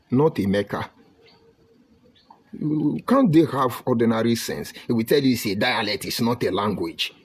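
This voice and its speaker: A man's voice: medium pitch, a little mellow, breathy edge. A middle-aged man with a Nigerian accent giving an emphatic, argumentative political commentary monologue.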